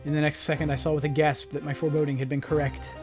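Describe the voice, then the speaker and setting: A man hosting a gaming channel, reading story text from the game aloud in a dramatic, expressive way. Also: on the high side, fast, music in the background.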